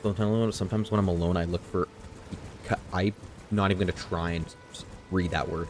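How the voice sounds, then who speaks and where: A man casually commentating his own speedrun, excitable and self-mocking, swearing freely. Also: sits low, fairly quick. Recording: game music clearly behind the voice. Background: game music.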